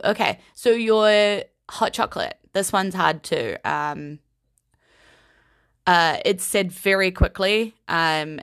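Slow, giggly woman with a creaky voice. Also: low-pitched, a bit bright, no echo, clean studio sound. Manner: playful, giggly, unhurried. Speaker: language teacher. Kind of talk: casual vocabulary lesson.

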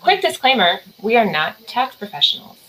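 Bright, chatty woman hosting a podcast. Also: on the high side, sing-song, normal speed, slight background noise, poor audio. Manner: chatty, playful, slips into joke accents. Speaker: podcast host. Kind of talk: casual chat.

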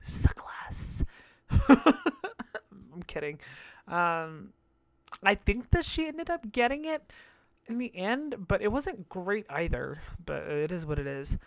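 A man's voice: high voice, big pitch swings, unhurried, gravelly, fairly bright tone, no room sound. A man giving casual episode commentary on a reality show, sassy, crude and gossipy, laughing often.

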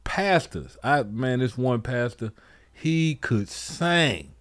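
A man co-hosting a podcast in laid-back casual chat, often cutting in with quick asides. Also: mid-range voice, lively intonation, fairly bright tone, dry recording. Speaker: podcast co-host.

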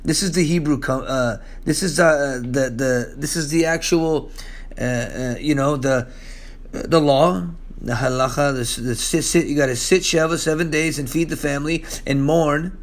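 A man preaching a sermon, reading scripture and commenting on it, swinging between loud exclamations and low, hushed asides. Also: normal speed. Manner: reads scripture aloud and comments on it.

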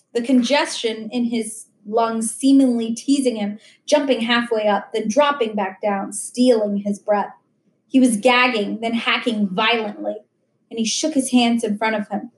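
A woman reading a memoir aloud at a slow, measured pace. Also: on the high side. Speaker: audiobook reader. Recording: echoey room.

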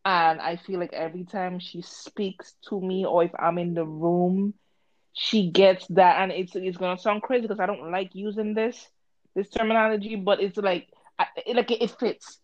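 A woman's voice: lowish voice, normal speed. Woman ranting on a podcast, blunt and swears a lot, kinda muffled audio. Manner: blunt, heated, swears freely, animated storytelling. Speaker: podcast co-host. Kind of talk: casual chat.

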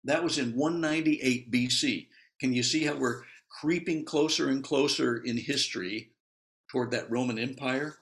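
Chatty, animated male Bible teacher. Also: mid-range voice, normal speed. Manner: chatty, with asides and laughs; animated, acts out quotes.

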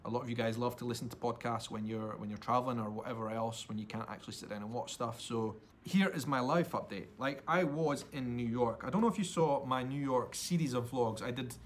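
A man's voice: mid-range voice, a little hiss or hum. Chatty Scottish man hosting a podcast. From Scotland. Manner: chatty and enthusiastic, talks straight to listeners. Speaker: podcast host. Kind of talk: casual solo podcast chat.

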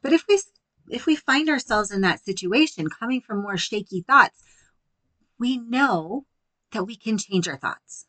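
A woman's voice: fairly high pitch, expressive, a little slow, fairly bright tone, dry recording, rough recording. A woman hosting a faith-based coaching podcast, encouraging and walking the listener through examples. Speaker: podcast host.

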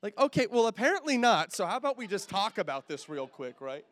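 A young man preaching in a church, his fairly high voice leaping between hushed, earnest stretches and loud, laughing asides. He jokes with the congregation as he goes, sweating in the heat of the room. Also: a little fast. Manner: joking, animated, swings from quiet to loud. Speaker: pastor. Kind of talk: sermon. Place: church sanctuary.

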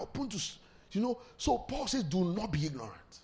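A man's voice: high-pitched, sing-song, normal speed, gravelly, a little hiss or hum. A man preaching a sermon, leading call-and-response and laughing often.

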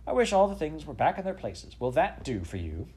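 A man's voice: on the high side, wildly swooping pitch, brisk, a little mellow, pitched above the performer's own voice. A man voicing a serene, imperious ancient queen.

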